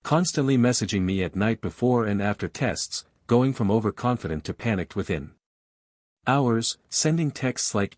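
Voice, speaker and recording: Man narrating a romance story, low and dry. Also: normal speed, dry recording. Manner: flowing, steady storytelling in long run-on sentences.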